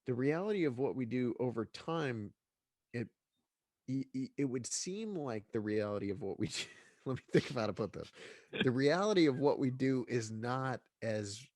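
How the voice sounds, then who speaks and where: A man's voice: mid-range voice, animated, normal speed, darkish tone, no room sound, clean studio sound. A man talking as a guest in a casual interview, congested, rambling along with many restarts and fillers. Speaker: guest filmmaker.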